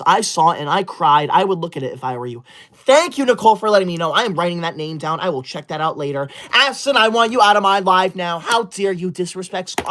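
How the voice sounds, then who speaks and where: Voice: medium pitch, a bit bright. A livestream host reading super chats aloud in a comedic bit, scolding viewers in a fussy, easily offended, school-loving persona.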